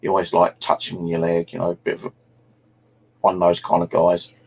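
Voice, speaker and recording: A man's voice: low voice, monotone, a little fast, a little mellow, husky. A middle-aged man from England, telling rambling, sweary anecdotes as host of a casual chat. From South East England. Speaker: channel host.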